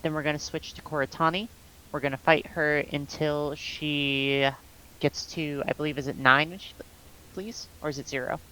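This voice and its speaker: A woman explaining game tactics over voice chat as raid leader, calm and instructive, with many ums, on a headset. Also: deep voice, normal speed, poor audio.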